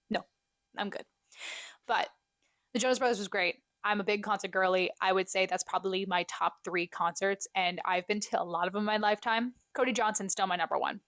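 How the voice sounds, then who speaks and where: A young woman hosting a podcast, telling stories in a chatty, self-deprecating way. Her voice is pitched at an ordinary height, and the recording is close and dry. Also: a little fast, no echo. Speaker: podcast co-host. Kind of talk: casual solo catch-up chat.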